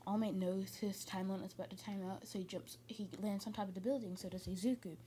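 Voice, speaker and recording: A woman's voice: mid-range voice, steady tone, fast talker, dark tone, a little hiss or hum. A woman casually retelling a fan story, rambling with many fillers and restarts.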